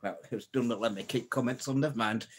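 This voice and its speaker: A man's voice: medium pitch, fast, husky. A man hosting a casual live stream, telling old jokes, reading out viewer comments and laughing at his own punchlines. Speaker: livestream host.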